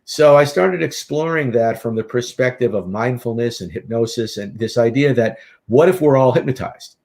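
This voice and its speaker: A man's voice: mid-range voice, normal speed. A middle-aged man speaking as an interview guest, in a mid-range voice. He talks casually and animatedly, building his anecdotes with energy. His style is that of a practiced stage performer chatting on a show. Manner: lively, animated storyteller who acts out quotes. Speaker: interview guest, author and hypnotist.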